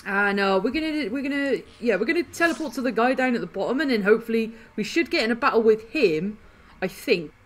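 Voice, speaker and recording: A woman hosting a gaming channel, chatting excitedly through casual gameplay commentary and laughing often. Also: a little high, fast talker.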